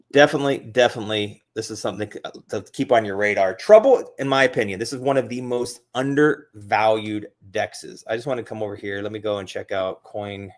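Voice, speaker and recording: In a laid-back crypto video, a fairly low-pitched man narrates his screen, his eager commentary wandering and packed with filler words and repetition.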